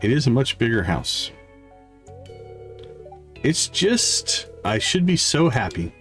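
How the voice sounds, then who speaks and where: A man's voice: medium pitch, sing-song, takes it slowly. A man reading aloud the lines of a weary middle-aged woman who drinks too much and feels something is missing, in his own plain voice. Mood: wistful. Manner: reads game dialogue aloud in a plain voice. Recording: faint game music behind.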